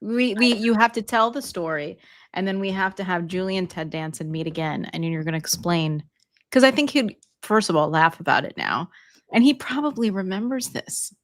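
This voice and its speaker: A woman co-hosting a podcast, reacting with gasps and exclamations in casual chat. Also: mid-range voice. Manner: reactive, expressive, quick to gasp and exclaim. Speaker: podcast co-host.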